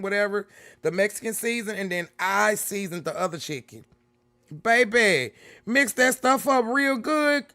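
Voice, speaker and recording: A chatty woman hosts a casual livestream from her home, talking straight to her viewers and calling them baby and honey. Her voice sounds close and dry, with no room echo. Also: on the low side. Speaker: livestream host.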